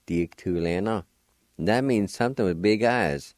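With a darkish voice on the low side, a middle-aged man delivers a slow, deliberate radio language lesson. The recording is dry and studio quality, and he takes his time spelling out each vocabulary word letter by letter.

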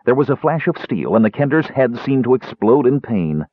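A man reading a fantasy novel aloud in an expressive, dramatic narration. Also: medium pitch, moderate pace, slightly rough, no echo. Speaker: audiobook narrator. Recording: tinny narrow-band dry recording.

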